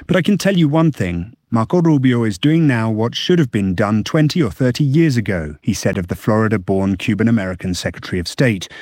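Low-voiced male news correspondent, dry. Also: a little mellow, dry recording. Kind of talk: scripted news report.

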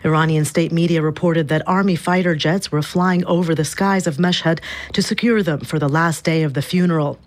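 A woman correspondent filing a scripted news report in an even, formal tone. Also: low voice, a little fast.

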